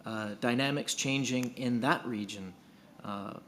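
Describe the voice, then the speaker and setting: A man's voice: medium pitch, unhurried, fairly bright tone, slight background noise. A man putting a rambling question to a panelist with many hesitations. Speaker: audience questioner.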